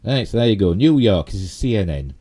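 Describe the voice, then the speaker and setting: A middle-aged Yorkshire man hosting a casual live stream from a desk mic at home, his low, warm voice a touch hoarse. He rambles along with plenty of fillers and quick asides. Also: sing-song. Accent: Yorkshire English. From Yorkshire, England. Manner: rambling, chatty, with many fillers and self-asides. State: slightly hoarse. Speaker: channel host.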